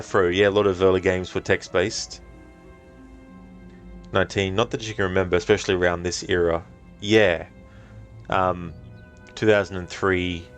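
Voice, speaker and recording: A man casually commenting on a game he is streaming, relaxed and answering chat with many ums. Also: sits low. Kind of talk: casual let's-play commentary.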